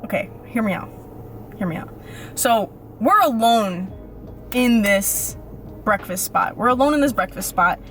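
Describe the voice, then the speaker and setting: A young woman vlogging in a chatty, animated way, repeating phrases for emphasis. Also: a little high, unhurried, long pauses, faint music behind. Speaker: faith vlogger. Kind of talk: casual talk to camera.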